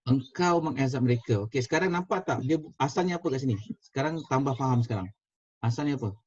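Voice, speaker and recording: A man's voice: medium pitch, very fast, a little mellow, husky. A man with a Malaysian accent teaching a Quranic Arabic class over a video call, switching between Malay and English, repeating words and quizzing his students. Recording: dull lo-fi video call audio.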